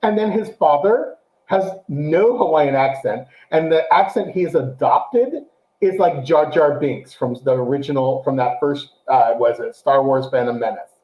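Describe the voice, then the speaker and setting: A man co-hosting a casual show, chatting animatedly about a TV series and acting out quotes in a high, excited voice. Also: unhurried, reverberant, muffled recording. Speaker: podcast co-host. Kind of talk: casual chat, show review.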